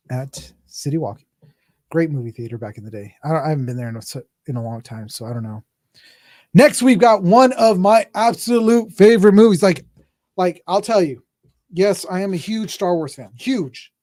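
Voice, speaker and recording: Man, 40s, podcast host, casual movie talk, rambling and jokey, a bit high-pitched, dry close sound. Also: moderate pace, warm tone, no room sound. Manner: rambling, jokey, with many restarts and asides.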